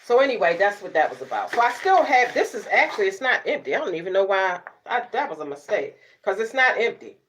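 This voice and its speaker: A middle-aged woman vlogger, chatting casually to camera, sassy and loud, laughing often and cussing freely. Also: medium pitch, very animated, quick pace, hardly any pauses, a little hiss or hum. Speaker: beauty vlogger.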